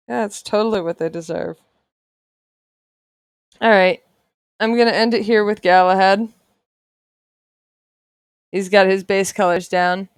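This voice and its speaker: A woman's voice: mid-range voice, slow pace, pauses often, no echo, clean studio sound. A woman artist chatting casually while she draws on a livestream, playful and sarcastic, often laughing. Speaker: artist streamer. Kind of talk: casual chat while drawing on stream.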